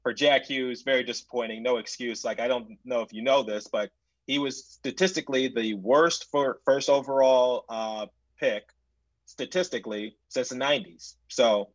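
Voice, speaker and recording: A young man, a guest on a podcast, telling a story in casual chat, full of fillers and restarts, who gets excited as he goes. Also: mid-range voice, moderate pace, no echo. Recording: dull lo-fi mic.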